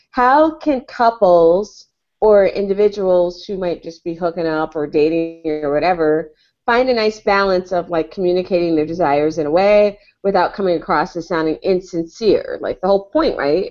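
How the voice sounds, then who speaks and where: A woman hosting a casual recorded chat, excited and giggly, laughing often between her questions. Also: medium pitch, normal speed. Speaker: sex columnist and show host. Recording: dull lo-fi web recording.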